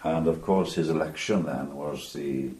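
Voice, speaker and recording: A man in his seventies with a Welsh accent, recalling his past in an interview, measured and pausing with frequent ums. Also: a bass voice, dark tone, slight background noise. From Wales. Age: 70s. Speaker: interview guest. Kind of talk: reminiscing interview answers. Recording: roomy sound from a distance.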